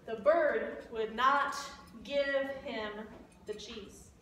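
A woman teacher retells a simple story to learners in a high voice, repeating each key phrase several times. Her delivery is extremely slow and deliberate. The room is very echoey, with faint ambience behind her. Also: bright, forceful tone, far from the mic, a little hiss or hum. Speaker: language teacher. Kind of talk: slow story-listening lesson.

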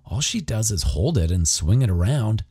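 A man's voice: on the low side, sing-song, normal speed, dark tone, husky, dry recording, studio quality, heavily acted. A man voicing a mean-spirited teenage boy who talks in a blunt, sneering way.

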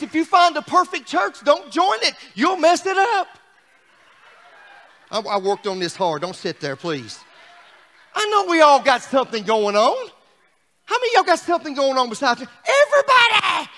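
Male pastor, high and bright, exuberant sermon delivery, lively pitch swings. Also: in a large hall. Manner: exuberant, swings from shouting to quiet asides. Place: church sanctuary.

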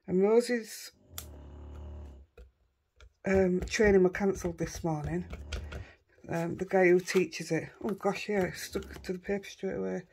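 A woman's voice: fairly low pitch, steady tone, unhurried, long pauses, darkish tone, slight background noise. A middle-aged woman with a Yorkshire accent chatting casually as she crafts at home, thinking aloud and poking fun at herself. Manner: rambling, self-deprecating, thinking aloud. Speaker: craft vlogger.

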